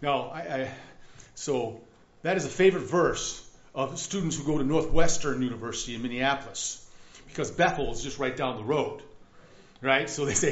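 A man preaching a sermon in a lively, conversational way, often checking in with "right?". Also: mid-range voice, moderate pace. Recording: echoey room, dull lo-fi sound.

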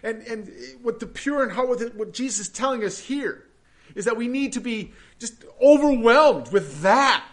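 A man preaching a sermon as pastor, earnest, swinging from loud emphasis to hushed prayer. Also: high-pitched.

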